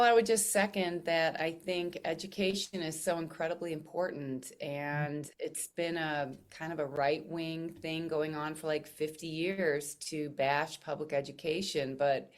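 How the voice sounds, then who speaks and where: Low-voiced woman candidate, earnest. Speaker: candidate for state senate. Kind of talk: interview guest.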